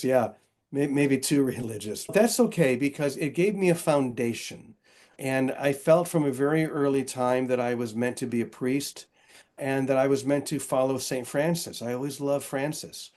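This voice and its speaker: A man's voice: medium pitch, moderate pace, darkish tone. A man who is a guest on an interview podcast, speaking earnestly and reflectively about his faith and his work. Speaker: guest, author and Episcopal priest. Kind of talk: casual interview conversation.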